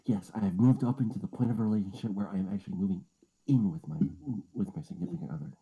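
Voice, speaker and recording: A man speaks softly, very close to his microphone, during a late-night livestream chat at home. His voice sits very low and sounds dark and husky. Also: fairly even intonation, quick pace, poor audio. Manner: talks quietly close to the mic while his family sleeps. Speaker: show regular.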